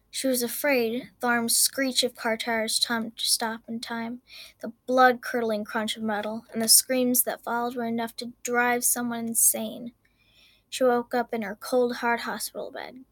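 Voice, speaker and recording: Expressive woman reading a story aloud. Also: fairly high pitch, dry recording. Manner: expressive, dramatic.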